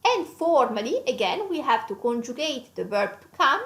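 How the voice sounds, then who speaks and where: A woman with an Italian accent hosting a language lesson, slowly repeating phrases for learners. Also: high voice, echoey room. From Italy. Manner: lively, drawn-out teaching delivery with slow repetitions. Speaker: Italian teacher and host.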